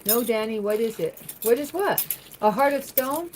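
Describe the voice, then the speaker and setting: A woman's voice: a little high, expressive, moderate pace, a little mellow, a little hiss or hum, poor audio. Chatty woman livestreaming from home. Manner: chatty, rambling, reads comments aloud and answers them. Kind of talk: casual livestream chat, answering viewer comments. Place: home, at the kitchen sink.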